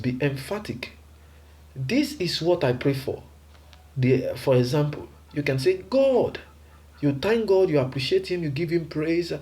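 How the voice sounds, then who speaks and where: A man's voice: a little high, darkish tone. A man preaching a sermon emphatically, with rhetorical questions and repeated phrases.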